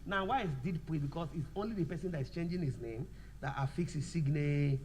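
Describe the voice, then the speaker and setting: High-voiced man quizzing his law class. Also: heavy background noise. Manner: repetitive, quizzing the class with fill-in questions; slows down to dictate notes. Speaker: law school lecturer. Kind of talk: classroom revision lecture.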